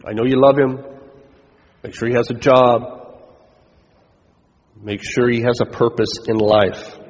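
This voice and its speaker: A man's voice: mid-range voice, steady tone, measured pace. A preaching man in an echoing hall. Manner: conversational preaching, asks the congregation questions. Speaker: pastor. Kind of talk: sermon. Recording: dull recording with long hall reverb.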